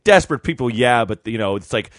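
A male comedian muses about films as a guest on a podcast, in a relaxed way with plenty of "you know". His voice sits mid-pitched, and the close recording is dry. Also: quick pace, dry recording. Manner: easygoing, musing talk with many "you know"s. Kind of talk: casual chat.

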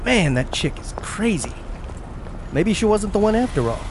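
A man's voice: sits high, very animated, moderate pace, noisy background, pitched above the performer's own voice. A man playing a self-important "chosen one" hero in a comedy sketch, making grandiose declarations. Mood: smug.

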